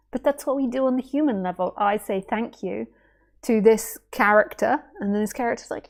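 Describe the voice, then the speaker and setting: A woman with a slightly raised voice speaks as a non-duality teacher, thinking aloud in an unscripted spiritual talk. She is playful and animated, asking rhetorical questions and slipping into little acted-out voices to make her point. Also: a little high, normal speed. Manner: musing, asks rhetorical questions.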